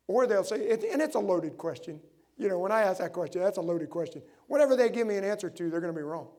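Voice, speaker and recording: Middle-aged guy preaching, kinda high voice, gets fired up and throws questions at the crowd. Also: fast talker. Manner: animated preaching with rhetorical questions. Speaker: pastor. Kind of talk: sermon.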